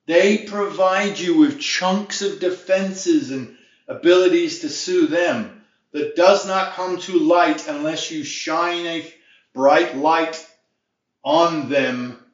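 A man's voice: on the high side, takes it slowly, reverberant, muffled recording. A man giving an informal video lesson on debt defense, emphatic and folksy, often wandering off on tangents.

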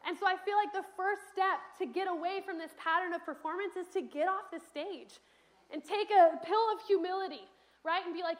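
A young adult woman giving a sermon, telling stories lively and acting out the quotes. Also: very high-pitched, fairly quick. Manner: animated storytelling, acts out quotes. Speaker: speaker giving a church message.

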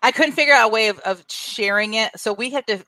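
A woman's voice: on the high side, fast, sharp tone, no echo. A woman co-hosting a casual chat who reads listener comments and laughs often. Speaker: podcast co-host.

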